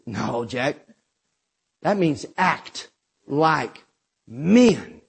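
A man preaching with a South Georgia drawl. His voice sits high and sounds husky and breathy. He shouts his commands, then drops to quiet, folksy asides. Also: lively intonation, measured pace. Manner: emphatic, rising to shouts then dropping low. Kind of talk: sermon.

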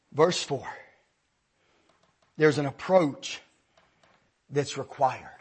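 A man preaching a sermon, telling a story and then leading the room in hushed prayer. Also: a little high, breathy edge.

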